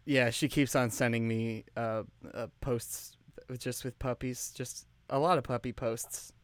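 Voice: medium pitch, steady tone, unhurried, smooth, no room sound. A young adult co-hosting a casual podcast, making dry teasing jokes with hesitant fillers. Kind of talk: casual chat.

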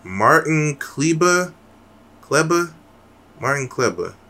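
A man's voice: fairly high pitch, big pitch swings, slow, bright, forceful tone. A man co-hosting a podcast in loose, rambling casual chat, swearing freely. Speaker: podcast co-host.

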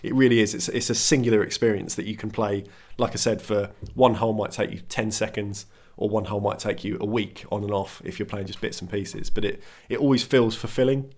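A man with a lowish voice talks fast in relaxed chat, co-hosting a podcast. He rambles through his points with plenty of "like" and "kind of". His delivery stays fairly even, close to monotone. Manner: thoughtful, explains at length with many "like" and "kind of"; calls his own voice monotone. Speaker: podcast co-host. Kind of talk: casual chat. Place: at a table with his co-host.

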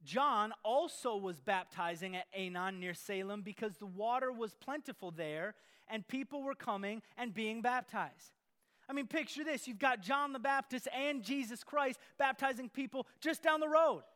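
A man preaching a sermon in an energetic, playful way, with sarcastic asides. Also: very high voice, normal speed.

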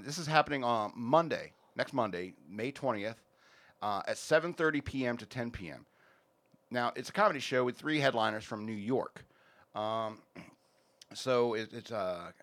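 A man hosts a loose, casual podcast. He rambles and jokes his way through sponsor reads, full of ums and asides, at an average pitch. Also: a bit bright. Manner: rambling, jokey, many fillers. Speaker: podcast host.

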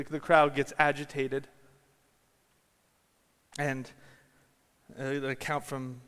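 A man delivers a sermon in a church, mid-pitched and unhurried. He tells stories and rises to loud peaks, and the long reverb of a large hall trails after each phrase. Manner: storytelling, builds to shouted climaxes. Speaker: preacher.

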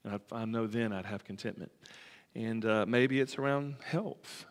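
Man, pastor, conversational sermon, halting with fillers, reverberant church hall. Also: on the low side. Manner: conversational, many fillers and restarts.

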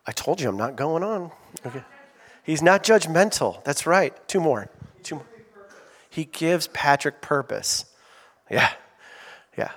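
A man preaching a sermon as pastor, animated, drawing call-out answers from the congregation. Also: fairly high pitch, measured pace, long pauses. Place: church sanctuary. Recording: long reverb of a church hall.

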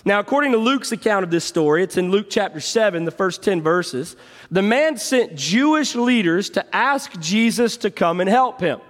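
Pastor guy preaching, pretty high voice, big church echo, keeps hammering points. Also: lively intonation, moderate pace. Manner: emphatic, repeats key phrases. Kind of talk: sermon. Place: church sanctuary.

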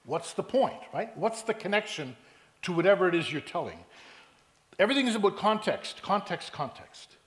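A man preaching a sermon, telling stories and acting out both sides of conversations with lively energy. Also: high voice, fairly quick.

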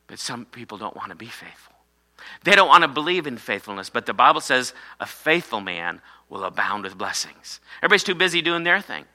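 Forceful, bright-voiced male preacher. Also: mid-range voice, big pitch swings, normal speed. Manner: emphatic, repetitive preaching with call-and-response. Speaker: pastor. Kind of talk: sermon.

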